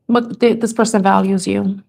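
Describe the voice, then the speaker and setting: A woman's voice: mid-range voice, unhurried, creaky, a little mellow. A woman giving a live tarot reading to camera, talking in a tender, rambling way and growing emotional as she reads. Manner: tender, rambling, moved to tears at times. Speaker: tarot reader.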